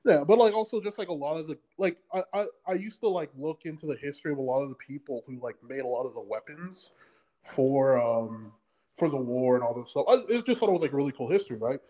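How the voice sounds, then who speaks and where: A man's voice: medium pitch, quick pace, dull audio. A man co-hosting a podcast in casual chat, rambling with many fillers and restarts. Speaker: podcast co-host.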